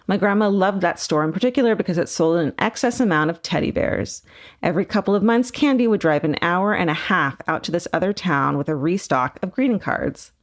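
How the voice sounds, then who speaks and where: Laughing podcast co-host woman, lowish voice. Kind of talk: casual podcast chat, reading a listener email.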